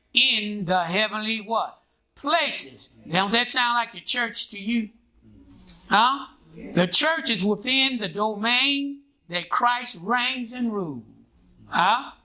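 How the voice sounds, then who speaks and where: Bright-voiced preacher calling out to his flock. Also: very high-pitched, expressive, takes it slowly. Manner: preaching with rhetorical "what?" and "huh?" prompts. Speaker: pastor. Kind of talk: call-and-response sermon. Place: church with a responding congregation.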